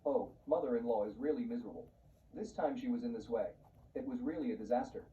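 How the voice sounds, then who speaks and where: A man reading the lines of a calm, generous young son-in-law in a flat, even voice. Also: mid-range voice, fast, natural voice. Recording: muffled, distant, faint hiss.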